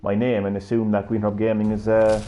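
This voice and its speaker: A man's voice: lowish voice, monotone, brisk, warm tone, lo-fi sound, a little hiss or hum. A man live-streaming a fighting game, chatting casually, rambling and swearing freely as he plays. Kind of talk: casual gameplay commentary.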